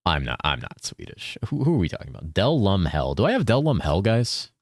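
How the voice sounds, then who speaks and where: Chill cali dude streaming games, deep voice, swears a lot, reads chat out, dry room. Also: male voice, wildly swooping pitch, brisk, no room sound. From California. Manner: laid-back, swears often, says dude constantly, reads chat aloud. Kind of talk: casual gaming stream chat.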